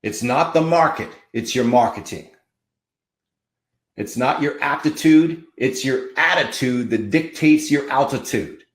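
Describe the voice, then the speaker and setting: A man's voice: mid-range voice, measured pace, echoey room. A man hosting a podcast as a marketing coach, giving a fiery, preachy motivational talk full of punchy repeated slogans.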